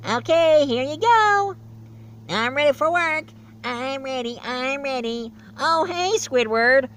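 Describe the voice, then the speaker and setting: A man voicing a cheerful, eager young sea sponge fry cook in a bubbly, excited cartoon voice. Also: very high-pitched, slow, slight background noise, pitched above the performer's own voice, full character voice.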